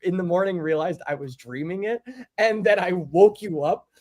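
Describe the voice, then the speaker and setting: Animated man telling a funny story. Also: normal speed. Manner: animated, acts out quotes with big pitch swings. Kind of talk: casual storytelling chat.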